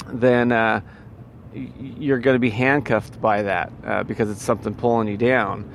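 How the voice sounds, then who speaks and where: A man's voice: mid-range voice, fairly even intonation, normal speed, slight background noise. A man in a casual motivational monologue, rambling and full of fillers and restarts. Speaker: vlogger giving life advice.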